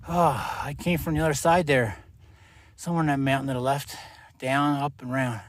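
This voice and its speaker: A thru-hiker vlogger talks to the camera while walking a snowy mountain trail, his medium-pitched voice brisk and fairly even. He's out of breath and worn down by the altitude.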